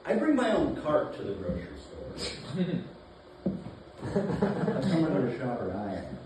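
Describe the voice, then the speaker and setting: Slow deadpan comic guy, lively pitch, boomy club echo from far off, crowd laughs. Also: background noise. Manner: deadpan, halting with many uh fillers. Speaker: stand-up comedian. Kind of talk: stand-up set. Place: comedy club stage. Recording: roomy club sound from a distance, audience laughter. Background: audience laughing.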